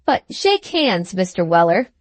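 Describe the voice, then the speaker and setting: A woman's voice: fairly low pitch, very animated, a little slow, no echo, voice pushed down. A woman voicing a sly male servant who fawns and whines with false feeling. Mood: fawning. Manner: whining, sly, over-effusive.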